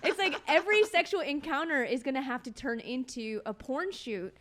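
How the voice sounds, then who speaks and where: A woman's voice: high-pitched, moderate pace, a loud crowd. A woman joking around on a casual studio podcast, playful and giggly.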